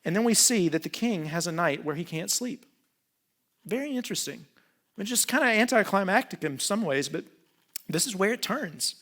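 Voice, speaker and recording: A man preaching a sermon as pastor, talking in a casual, animated way and joking with the congregation. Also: high voice, normal speed. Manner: conversational, animated, jokes with the congregation.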